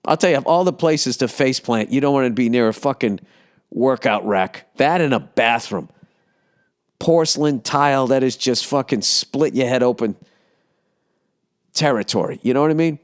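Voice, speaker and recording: A man in his fifties with a Boston accent, a comedian casually ranting on his podcast, profane and animated. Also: mid-range voice, moderate pace. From United States. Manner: profane, animated, acts out yells and impressions. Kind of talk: casual rambling monologue.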